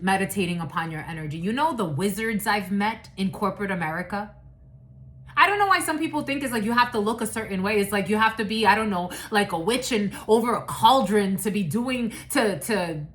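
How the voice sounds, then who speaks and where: A woman's voice: medium pitch, fairly bright tone. A woman giving a casual spiritual reading, blunt and profane, who rambles, restarts and laughs often. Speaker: psychic reader.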